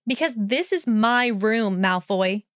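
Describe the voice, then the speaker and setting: A woman voicing a sharp-tongued, haughty young witch in a storybook reading, speaking crisply and cuttingly. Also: a little high, animated, takes it slowly, no room sound, studio quality. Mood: defiant.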